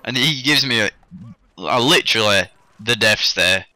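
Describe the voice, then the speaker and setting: Bright-voiced young man telling a story. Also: on the low side, animated, normal speed, no echo. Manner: chatty, rambling, self-deprecating humour. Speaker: gaming YouTuber. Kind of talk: casual vlog storytelling over game footage.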